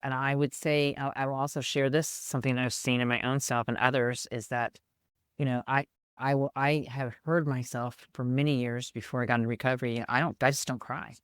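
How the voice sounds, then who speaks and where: Heartfelt, expressive woman co-host. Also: very deep voice, a little fast, smooth, dry recording, studio quality. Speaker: podcast co-host. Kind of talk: casual podcast chat.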